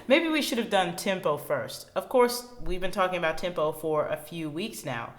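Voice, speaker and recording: A woman music teacher giving a recorded lesson to children, chatty and enthusiastic, speeding up and slowing down to show tempos. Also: lowish voice, lively intonation. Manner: chatty, uses everyday examples.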